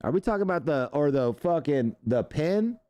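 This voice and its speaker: A man's voice: on the high side, expressive, moderate pace, dark tone, clean tone, no room sound, muffled recording. A man hosting a live stream, chatting loosely and profanely while he reads out viewer comments. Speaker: show host.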